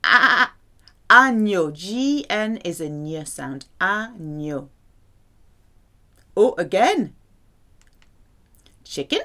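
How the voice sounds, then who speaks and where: A French woman teaching vocabulary, pronouncing each word slowly and carefully. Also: mid-range voice, sing-song, pushed and bright. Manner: slow, careful pronunciation drills. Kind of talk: vocabulary lesson.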